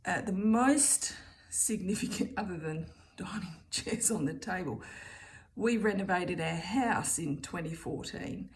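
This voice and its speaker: A woman's voice: lowish voice, a little slow. A middle-aged woman with an Australian accent telling a rambling story in a chatty, casual way. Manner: chatty, rambling, keeps returning with "anyway". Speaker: vlogger.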